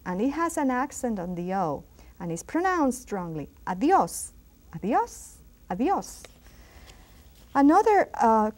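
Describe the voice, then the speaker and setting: A woman's voice: medium pitch, a little mellow. Patient woman teaching a language lesson. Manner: patient, repeats words slowly with clear emphasis.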